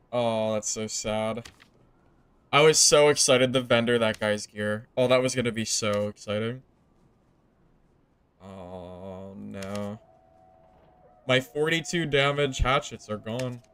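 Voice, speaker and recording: A young man streaming his game, talking casually to his viewers in a clear, smooth voice of middling pitch. He bursts out loudly when something goes well, then drops into low, muttered grumbling about his losses. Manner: swings from excited yelling to mumbled, deflated grumbling. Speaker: gaming streamer. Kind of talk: casual gameplay commentary.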